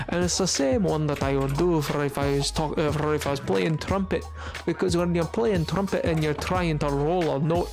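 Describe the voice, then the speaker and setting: Man chatting in a mock Scottish brogue. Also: a little high. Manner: playful put-on Scottish-Irish accent; talking quietly, resting his voice. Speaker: Minecraft streamer. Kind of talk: casual livestream chat while gaming.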